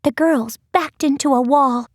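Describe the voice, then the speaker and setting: A woman narrating an audiobook in a gentle, expressive storytelling voice. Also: sits high, a little slow, no room sound, studio quality. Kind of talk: scripted narration.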